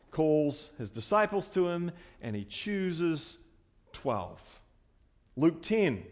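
A man preaching a teaching sermon, explaining word meanings with emphatic stresses and quieter asides. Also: fairly high pitch. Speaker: preacher teaching Bible study.

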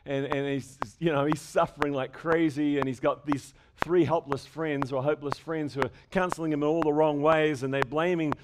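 A pastor delivers an emphatic sermon at a church service, putting rhetorical questions to the congregation in a fairly high, steady voice at normal speed with few pauses. The recording is noisy, with loud background noise and clicks.

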